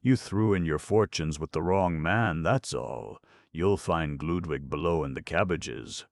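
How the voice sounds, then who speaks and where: Storybook djinn wizard, small, jolly and fussy, gravelly tone, as a man puts him on. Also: very deep voice, measured pace, dry recording, clean studio sound, heavily acted. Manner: exuberant, fussy exclamations. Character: little red male djinn wizard, jolly and excitable.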